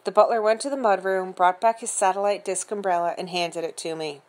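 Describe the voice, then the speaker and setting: A woman reads a children's chapter book aloud at a middling pitch. She tells the story in an easy, expressive, conversational way. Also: a little fast. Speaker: reader. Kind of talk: reading a children's novel aloud.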